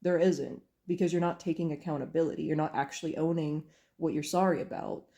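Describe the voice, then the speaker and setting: A young woman speaks in a mellow, slightly low voice. She tells a personal story to camera, candid and earnest, and acts out what others said along the way. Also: fairly even intonation, a little fast. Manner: candid, earnest, recounting with quoted dialogue. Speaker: vlogger.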